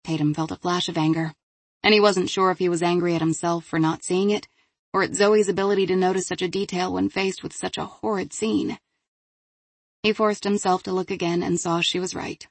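A woman with a lowish voice reads crime fiction aloud in a measured, even audiobook style. The recording is close and dry, with no room sound. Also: dry recording. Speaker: audiobook narrator. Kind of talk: scripted audiobook narration.

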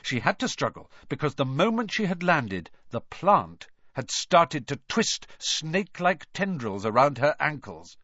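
Animated male storybook narrator. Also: on the high side, unhurried, few pauses, no room sound, muffled recording. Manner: animated, dramatic reading. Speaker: audiobook narrator.

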